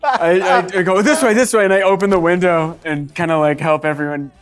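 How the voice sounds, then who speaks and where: A man playing a tabletop role-playing game, lively and excitable. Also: high voice, brisk. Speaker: player.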